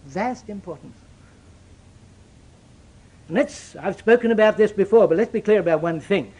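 A man preaching a sermon with an old-fashioned scriptural cadence, swinging from loud emphatic declarations to hushed, solemn asides. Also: sits high, animated, normal speed, a little hiss or hum.

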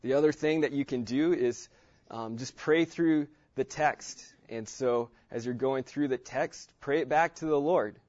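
A man's voice: medium pitch, measured pace, a little mellow, no echo, dull audio. A man giving a casual Bible lesson, speaking plainly and often restarting his sentences with fillers. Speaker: teacher. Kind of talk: Bible teaching.

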